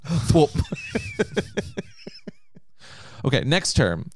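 A man's voice: medium pitch, lively intonation, moderate pace, background noise. A man co-hosting a podcast in casual chat, teasing and joking. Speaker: podcast co-host.

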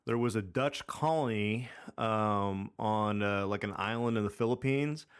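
A man's voice: on the low side, measured pace, clean tone. A man in his thirties telling a long personal story in casual chat, rambling with many fillers and restarts. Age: 30s. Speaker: podcast co-host.

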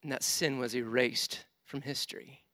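A man preaching a sermon, telling a personal story with animated, self-deprecating humor. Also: medium pitch, normal speed, dry recording, clean studio sound. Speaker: pastor.

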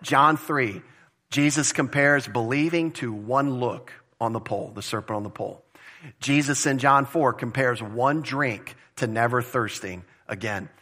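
A pastor preaching a conversational, emphatic sermon, repeating phrases for stress. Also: male voice, mid-range voice, pushed and bright. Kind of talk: expository sermon.

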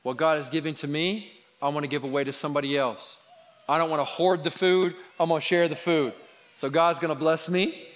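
A man preaching a sermon, telling stories about his children in a lively, animated way. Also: on the high side, a little fast. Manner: animated storytelling, quoting his kids. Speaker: pastor. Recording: long hall reverb.

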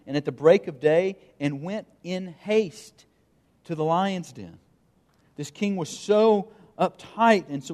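A male pastor delivering a sermon in a church sanctuary, his voice sitting a little higher than most men's. He reads scripture aloud and slows down on key phrases. His voice swells and drops for emphasis, carried by the long reverb of a big hall. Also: darkish tone.

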